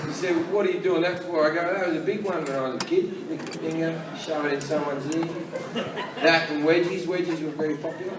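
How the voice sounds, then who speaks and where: An Australian man doing a crude stand-up comedy routine, telling stories that swing between low mutters and loud outbursts, recorded live at a comedy club. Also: fairly even intonation, fairly quick. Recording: live club set from far off, echoey, loud crowd and noise.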